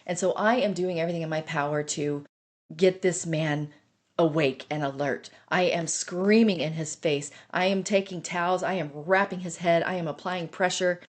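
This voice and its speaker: A woman's voice: lowish voice, moderate pace. A middle-aged woman telling her own story on a podcast, earnest and intense as she relives it. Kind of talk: personal recovery story podcast.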